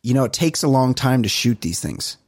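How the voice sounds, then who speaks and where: A man co-hosting a podcast, telling stories in casual chat with animated, exasperated swearing. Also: mid-range voice, normal speed, slightly rough, no echo, clean studio sound. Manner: animated, profane, exasperated storytelling. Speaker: podcast co-host.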